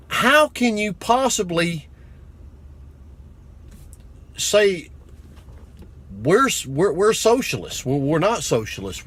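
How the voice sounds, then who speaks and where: Profane man ranting. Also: a little high. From United States. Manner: blunt, crude, self-deprecating, builds to shouting anger. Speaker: vlogger. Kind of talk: profane political rant to camera.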